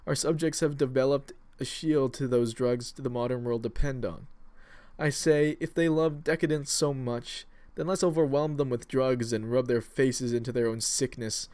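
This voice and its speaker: A man's voice: steady tone, moderate pace, close to an everyday voice. Silky, seductive, speechifying villain, voiced by a man. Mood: rabble-rousing. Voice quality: deep, silky and almost seductive. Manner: pompous, speechifying, grows louder. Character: silky, menacing male villain with grand plans.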